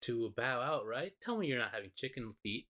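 A man's voice: mid-range voice, animated, a little fast, a bit bright, natural voice. A man voicing a sadistic young female gambler who taunts in a falsely polite, sing-song way. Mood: mocking.

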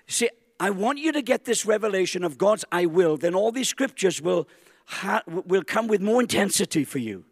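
A man preaching a sermon, emphatic and rising to exclamations with dramatic slow stresses. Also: high-pitched, lively intonation, clean studio sound. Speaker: pastor. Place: large church hall. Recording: long hall reverb.

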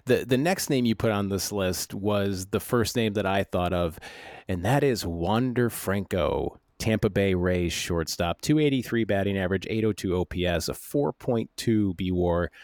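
A man co-hosting a casual sports podcast, reading off stats quickly between stumbling restarts. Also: low-pitched, darkish tone, dry recording, studio quality. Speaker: podcast co-host.

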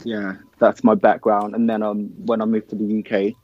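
A man's voice: fairly low pitch, normal speed, dry recording, muffled recording. A young man from Nigeria, a band's drummer, chatting casually in an interview and often saying "um" and "man". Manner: relaxed, filler-heavy, says man and dude. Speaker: band drummer.

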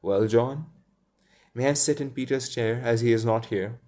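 A man's voice: medium pitch, moderate pace, warm tone, close to an everyday voice. John, a grumbling boy, read by a man.

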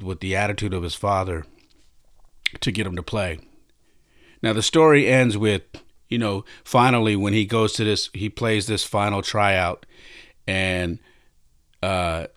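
A podcast host with a deep, slightly bright voice retells a story in casual, emphatic, conversational fashion, restarting his sentences often. The recording is dry and studio quality.

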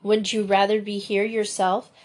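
A woman's voice: mid-range voice, little pitch movement, normal speed, a little mellow, close to an everyday voice. A woman voicing a blunt girl storyteller who speaks drearily and bitterly. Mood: dreary.

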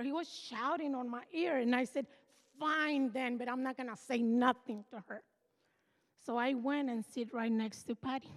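An older woman with a high voice, a church member, gives a personal testimony in a reverberant hall. She tells her story earnestly and with deep emotion.

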